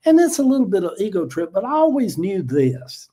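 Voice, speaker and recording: An older man hosts a casual live chat, his mellow voice sitting high with huge pitch swings and a fairly quick pace. He tells stories in a folksy, emotional manner, addressing everyone as y'all.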